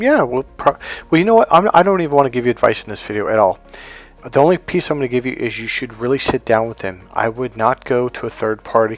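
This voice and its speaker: A man giving relationship coaching advice in a blunt, emphatic monologue, acting out the voices he quotes. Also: medium pitch.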